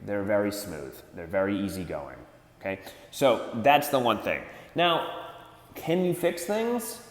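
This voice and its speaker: A man rants dating advice in a blunt, profane way, with a lot of swearing. His voice swings widely in pitch as he drives his points home. The room is roomy, with a long reverb trailing behind him. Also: a little slow. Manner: blunt and swearing, animated, mocks others in put-on voices. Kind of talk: profane ranting advice monologue.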